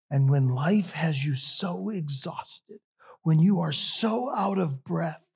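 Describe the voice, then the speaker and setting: A middle-aged pastor delivers a sermon in a slightly raised, husky voice. He speaks slowly and reflectively, pausing often between phrases. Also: fairly high pitch, darkish tone.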